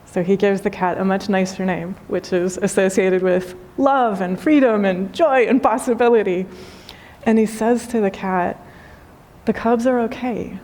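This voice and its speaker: A woman, a spiritual teacher, giving a gentle, unhurried talk with storytelling and soft emphasis. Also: mid-range voice, fairly even intonation. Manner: gentle, unhurried, softly emphatic, with light laughs. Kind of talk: spoken dharma talk with storytelling.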